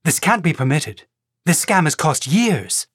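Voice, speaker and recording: A man voicing a sharp, impatient woman official who speaks in a forceful, cutting way. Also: fairly high pitch, big pitch swings, a little slow, husky, no room sound, studio quality, pitched above the performer's own voice, exaggerated voice. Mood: insistent.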